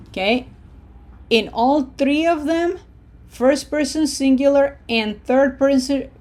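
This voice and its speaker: Slow-paced woman teaching pronunciation. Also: on the high side, darkish tone. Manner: patient, drawn-out model phrases for repetition; frequent "okay?" check-ins. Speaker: Spanish teacher.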